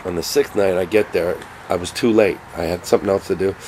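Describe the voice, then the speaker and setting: A male comedian from Canada telling animated stories in an interview, acting out the people in them. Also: low voice, quick pace, rough recording. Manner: animated anecdotes, voices other people. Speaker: comedian guest. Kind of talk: storytelling interview. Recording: background noise, vehicle sounds.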